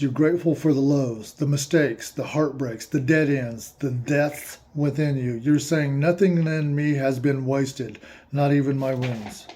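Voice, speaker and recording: His voice is on the high side and warm as he muses aloud in a casual monologue. He reads passages and rambles on about them, clearly emotional, with his eyes watering.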